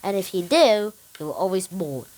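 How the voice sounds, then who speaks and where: Brief: a young reviewer retelling a book, animated and bouncy in pitch. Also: moderate pace, poor audio. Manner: animated, excited storytelling with restarts. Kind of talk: casual retelling of a story.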